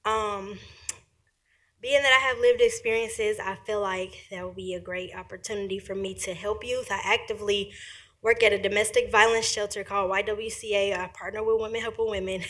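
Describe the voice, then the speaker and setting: Young woman giving a quick public comment. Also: medium pitch, steady tone, a bit bright. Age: young adult. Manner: quick, earnest and grateful, with frequent fillers. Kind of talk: public comment at a county meeting. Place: county commission meeting room.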